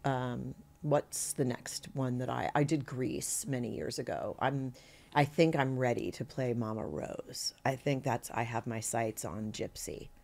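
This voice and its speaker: A woman's voice: extremely low pitch, measured pace, gravelly. A middle-aged woman, a guest actor, telling anecdotes in an interview and acting out the voices of people she quotes. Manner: animated storyteller who acts out quoted voices.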